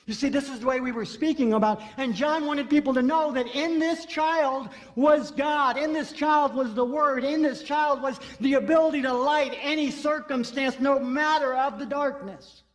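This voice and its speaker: A man's voice: extremely high pitch, moderate pace. A man preaching a sermon as pastor, telling a story and repeating phrases for emphasis. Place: church sanctuary. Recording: long hall reverb.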